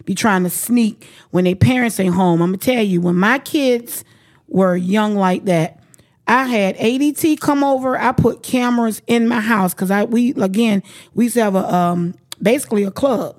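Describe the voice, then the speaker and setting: A woman's voice: mid-range voice, moderate pace, darkish tone. A middle-aged woman hosting a podcast, blunt and slangy, talking straight to her listeners. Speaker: podcast host. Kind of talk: casual chat.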